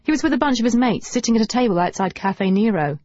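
Woman narrating with lively, wry humour. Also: fairly high pitch, fast, dry recording. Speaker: audiobook narrator. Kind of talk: first-person novel narration. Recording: dull dry audiobook recording.

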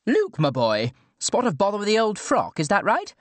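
Male narrator playing a jolly upper-class older Englishwoman, clipped and breezy, pitched up, dry close sound. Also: huge pitch swings, normal speed, no room sound, full character voice. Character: posh, hearty older English countrywoman. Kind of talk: audiobook character voice.

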